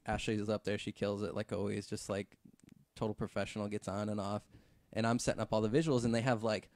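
On a casual podcast, a visual effects artist tells a story fast in a low-leaning voice, with no room sound at all. He stays relaxed, leans hard on filler words, and swears without hesitation.

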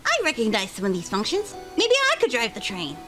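A woman's voice: on the high side, wildly swooping pitch, a little fast. A woman giggling and exclaiming while playing a voiced game with friends. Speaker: fan dub player. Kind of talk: casual gameplay banter. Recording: game music loud behind.

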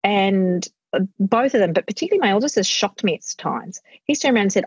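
A woman's voice: mid-range voice, expressive, fast talker, husky, no echo. A middle-aged woman being interviewed in casual chat, animatedly acting out what she tells her kids. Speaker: guest. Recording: muffled dry audio.

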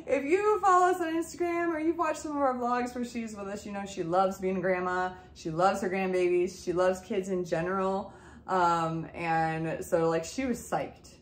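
A woman in her thirties, a mother, telling her family's story in a casual, animated way and acting out the dialogue. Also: fairly low pitch, moderate pace, roomy sound. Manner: emotional, animated retelling with quoted dialogue.

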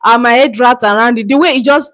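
A Nigerian woman hosts a casual reaction vlog in a slightly high voice. She talks in a loose, chatty way, restarting sentences and giggling between thoughts. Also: fast talker, a bit bright. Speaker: reaction vlogger.

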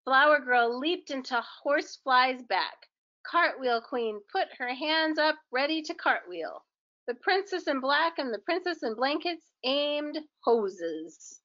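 A woman reading a children's book aloud in a gentle, expressive storytelling manner. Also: sits high, slow pace, dull audio.

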